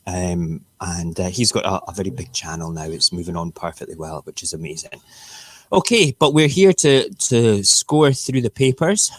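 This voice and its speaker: Hosting a casual morning live stream from Edinburgh, a Scottish-accented man talks in a deep voice with lively intonation at normal speed. He's chatty and rambling, cooking and eating while he talks.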